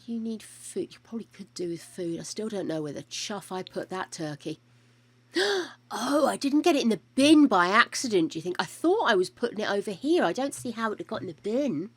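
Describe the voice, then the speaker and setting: A woman's voice: medium pitch, lively intonation, a little fast, slightly rough, no echo. An older woman streaming a life-simulation game, chatting casually to her characters and her viewers, with the odd bit of mild swearing. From United Kingdom.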